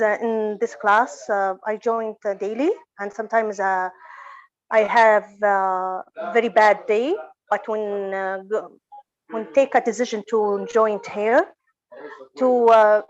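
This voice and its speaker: A woman from Libya, a student in an online class, speaking haltingly with many fillers as she searches for words. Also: mid-range voice. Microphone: video call. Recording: dull, dry video call audio.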